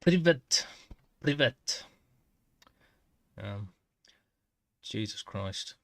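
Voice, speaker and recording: A man streaming a game, casually trying out foreign phrases haltingly and chuckling at himself. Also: on the low side, no echo. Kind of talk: casual live-stream chat.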